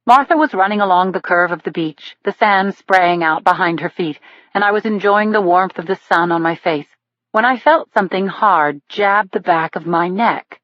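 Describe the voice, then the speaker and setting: A woman narrating a thriller audiobook in the first person, in a steady storytelling manner. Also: fairly low pitch, moderate pace, no echo. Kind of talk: scripted narration. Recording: dull lo-fi dry recording.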